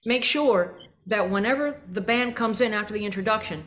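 A woman's voice: mid-range voice, normal speed, a bit bright. Woman coaching a band with imagery. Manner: demonstrative, sings out syllables and rhythm phrases; uses vivid imagery to coach players. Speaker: jazz clinician. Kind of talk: rehearsal clinic instruction.

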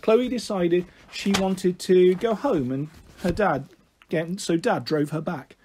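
A man voicing a kindly mother who soothes and fusses gently. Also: high-pitched, takes it slowly, slight background noise. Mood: gentle.

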